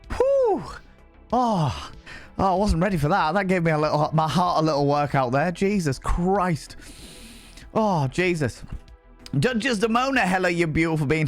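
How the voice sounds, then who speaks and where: A man chatting casually on a live stream, rambling and animated, swearing freely. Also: a little high.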